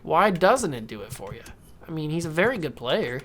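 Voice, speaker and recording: A man's voice: a little high, sing-song, moderate pace. A man casually commenting while playing a baseball video game, talking to himself and coaxing the game. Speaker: gaming YouTuber. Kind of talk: casual let's-play commentary.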